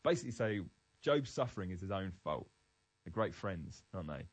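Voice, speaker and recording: A man's voice: sits low, sing-song, fairly quick, rough recording. A man giving an earnest, emphatic devotional Bible talk, restarting phrases as he goes. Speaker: Christian speaker.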